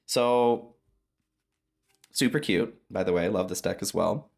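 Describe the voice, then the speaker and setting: A man's voice: deep voice, takes it slowly, gravelly, a little mellow. A man giving a casual tarot reading to his viewers, chatty and reassuring, often checking in with "okay?". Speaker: tarot reader.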